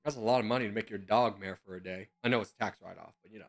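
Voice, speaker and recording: A man's voice: lowish voice, racing, creaky, soft background music. A young man streaming from home, rambling and joking as he answers viewers' questions in casual chat.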